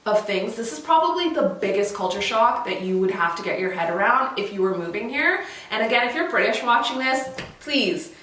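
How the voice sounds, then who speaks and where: Woman vlogger from Canada, casual and animated, higher pitch; recorded with a roomy echo. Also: a little fast, distant mic. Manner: chatty, laughs often, animated. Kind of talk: casual chat to camera. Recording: roomy echo, slightly off mic.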